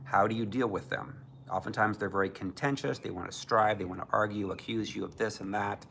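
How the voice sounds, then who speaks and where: A man's voice: fairly low pitch, fairly even intonation, brisk, vocal fry, a bit bright, slight background noise. A man preaching as a Christian minister, emphatic and often mocking others in put-on voices. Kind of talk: preaching to camera.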